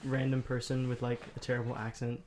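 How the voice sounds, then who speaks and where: Dry-witted man, mid pitch. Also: little pitch movement, a little fast, crowd noise. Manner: dry, wry quips. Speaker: podcast co-host. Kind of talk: casual chat.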